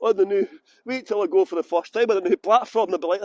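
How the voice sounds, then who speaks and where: Brief: Scottish tour guide, middle-aged man, cheeky banter with viewers, phone on a gimbal outdoors, very high pitch. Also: quick pace, few pauses, warm tone, dry recording. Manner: cheeky, joking, chatty greetings to viewers. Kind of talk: livestreamed walking tour chat. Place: city streets outdoors.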